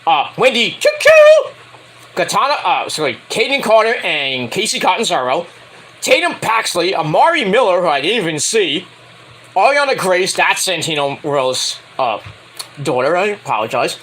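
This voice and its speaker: A man giving a rambling, casual spoken review of a wrestling show, excitable and swearing freely. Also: sits high, normal speed, low-quality recording.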